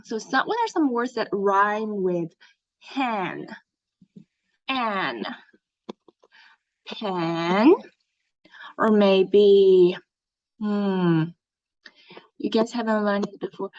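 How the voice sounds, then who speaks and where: A woman teaching an English lesson, speaking slowly, clearly and encouragingly, as if to young learners. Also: medium pitch. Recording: dull lo-fi sound.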